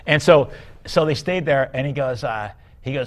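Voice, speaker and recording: An older man, a musician rambling through animated stories in casual chat and acting out the people he quotes. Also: mid-range voice, moderate pace. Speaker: guest musician.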